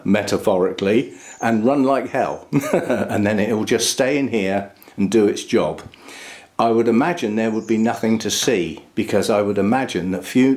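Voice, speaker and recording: A man's voice: mid-range voice, a little mellow. A man giving a casual, chatty walkthrough inside a small greenhouse, chuckling at his own jokes and talking into a handheld camera mic. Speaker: orchid grower vlogger.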